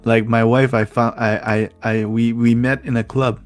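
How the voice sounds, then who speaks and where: A man's voice: medium pitch, little pitch movement, normal speed, soft background music. A man hosting a podcast in casual conversation, hesitant and repeating words as he starts his sentences. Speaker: podcast host.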